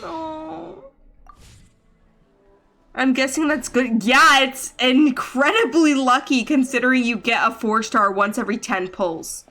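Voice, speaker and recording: A woman streaming a game, chatting casually, excitable and swearing, with sudden shrieks. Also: high voice, slow pace. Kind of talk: casual live-stream chat over a game.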